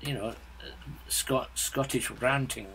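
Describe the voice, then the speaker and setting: Older man in his seventies, a guest, blunt and halting, slow and unhurried delivery. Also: medium pitch, fairly even intonation, bright, forceful tone, a little hiss or hum, low-quality recording. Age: 70s. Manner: halting, blunt, frequent restarts. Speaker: guest composer. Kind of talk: casual interview chat.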